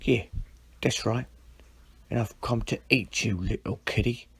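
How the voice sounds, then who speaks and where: A man's voice: mid-range voice, unhurried, creaky, voice pushed down. A man voicing a menacing, man-eating male cucumber that taunts its prey. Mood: taunting. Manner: taunting, gloating.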